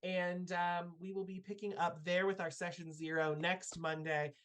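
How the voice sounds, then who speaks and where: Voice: mid-range voice, little pitch movement, normal speed, a bit bright. A game master narrating a live tabletop game and closing the show, speaking loosely with frequent fillers.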